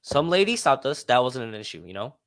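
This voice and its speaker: Male podcast co-host, fed-up storyteller, curses a lot, mid pitch, dry close sound. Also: big pitch swings, fairly quick, fairly bright tone, no room sound. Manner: frustrated, swears, repeats himself. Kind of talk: casual storytelling.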